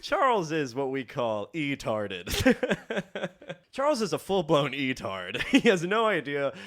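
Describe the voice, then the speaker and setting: Male comedy podcast co-host, bouncy, expressive delivery, playful riffing. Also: a little high, slow pace. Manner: joking, riffing, frequent laughs. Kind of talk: casual banter.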